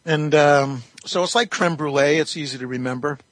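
Husky-voiced man explaining breathwork calmly. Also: on the high side, normal speed, no echo. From Canada. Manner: calm, explanatory, with fillers. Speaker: breathwork teacher, guest. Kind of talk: phone-in radio interview. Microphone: phone line.

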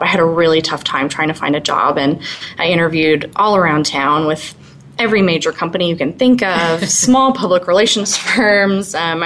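A woman's voice: lowish voice, a bit bright, slight background noise, low-quality recording. A woman in her twenties telling her story as an interview guest, chatty with frequent little laughs and fillers.

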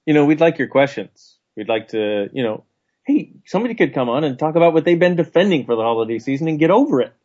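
A man's voice: fairly high pitch, big pitch swings, fast, a little mellow, lo-fi sound. A man co-hosting a radio talk show, chatting casually, joking and laughing easily. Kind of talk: casual chat.

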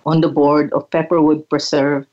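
Older woman with a low, halting voice. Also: flat delivery, highs cut off. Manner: halting, repeats words, soft laughs. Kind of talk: reflective storytelling.

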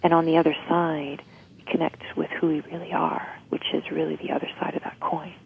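Low husky woman on a phone-like line. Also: flat delivery, fairly quick. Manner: checks in with a frequent "right?". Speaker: guest on emotional healing. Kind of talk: explanatory interview talk.

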